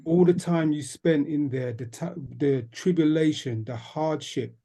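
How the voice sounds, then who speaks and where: Halting man with a dark, mellow voice. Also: on the high side, vocal fry. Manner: halting, searching for words. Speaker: DJ and panel member. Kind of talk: casual remarks on a video call.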